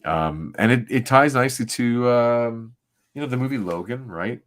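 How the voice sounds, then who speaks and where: A man's voice: medium pitch, animated, moderate pace. A man co-hosting a comic reading show, talking casually and enthusiastically into a desk microphone and reading narration aloud. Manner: chatty, enthusiastic, self-correcting with laughs. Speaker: podcast co-host reading comics.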